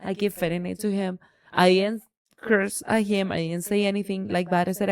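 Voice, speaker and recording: Co-hosting a laid-back podcast, this woman speaks at a moderate pace in a mid-range voice. Animated and energetic, she recounts a story and performs the dialogue as she goes.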